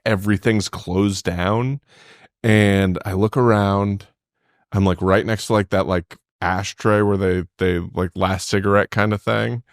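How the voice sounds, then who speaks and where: Low-voiced man rambling through a story. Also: no room sound, studio quality. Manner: rambling storytelling full of "like" fillers. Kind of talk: casual podcast chat.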